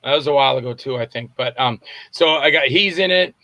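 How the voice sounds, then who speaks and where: A man, a film director, telling lively anecdotes in a casual interview, acting out the voices in his stories. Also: medium pitch, fast talker, dry recording. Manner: animated anecdotes, acts out voices and shouts. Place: Tampa area, Florida.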